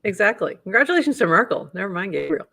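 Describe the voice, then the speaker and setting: A man with a Boston accent co-hosting a live show, briskly reading posts aloud and commenting on them. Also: sits high, sing-song, vocal fry, bright, forceful tone. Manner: brisk, upbeat, reads posts then comments. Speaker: co-host.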